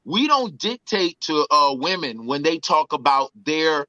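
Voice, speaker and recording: A man with a high, bright voice, co-hosting a loose comedic podcast chat. His pitch swings widely as he mimics other people for laughs. The sound is dry and close. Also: lively intonation, measured pace, no room sound, low-quality recording. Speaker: podcast co-host.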